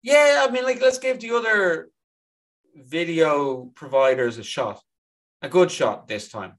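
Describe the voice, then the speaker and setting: A man's voice: a little high, expressive, unhurried, a bit bright. A young man co-hosting a podcast, laid-back and agreeable, with dry humor. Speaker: podcast co-host. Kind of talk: casual chat.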